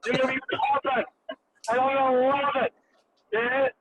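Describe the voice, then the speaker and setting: An Australian man calling in by phone, giving an energetic, blokey pep talk. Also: extremely high pitch, moderate pace, gravelly. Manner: energetic, blokey, calls everyone mate. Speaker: phone-in guest. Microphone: telephone. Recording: noisy phone line.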